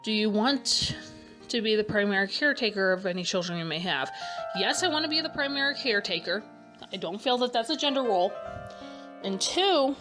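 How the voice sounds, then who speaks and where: A young woman with a mid-range voice gives a casual voice-over. She talks candidly and loosely, stopping to correct herself and trailing off. Clear background music plays under her words. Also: mid-range voice. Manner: candid and rambling, with frequent fillers and self-corrections. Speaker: vlogger answering a tag.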